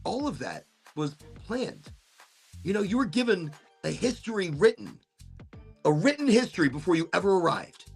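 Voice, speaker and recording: A man's voice: high-pitched, very animated, normal speed, creaky, breathy edge, faint music behind. A man hosting a podcast, musing aloud in a rambling, casual monologue and swearing now and then. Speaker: podcast host.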